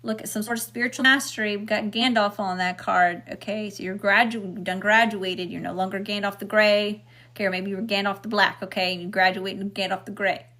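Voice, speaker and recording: A woman's voice: mid-range voice, fairly even intonation, brisk, sharp tone. A middle-aged woman doing a casual spiritual tarot reading, emphatic and blunt, checking in with "okay?" and swearing freely. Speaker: tarot reader.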